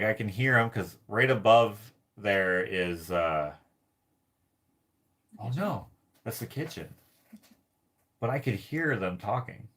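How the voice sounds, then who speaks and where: A man's voice: lowish voice, a bit bright. A man telling a rambling personal story to camera, laughing often and filling his talk with "like". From Canada. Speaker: vlogger.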